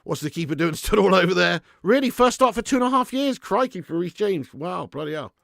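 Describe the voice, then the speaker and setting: A man hosting a live football watch-along, who is excitable and jokey and bantering with his chat. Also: sits high, fairly quick, vocal fry, no echo, studio quality. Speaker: live stream host.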